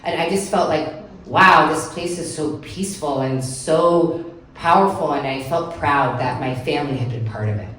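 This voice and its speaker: A woman's voice: low-pitched, moderate pace, a bit bright. A woman telling a heartfelt personal story on stage at a live story slam, in an earnest way with frequent "like" fillers. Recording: echoey room, picked up from far off.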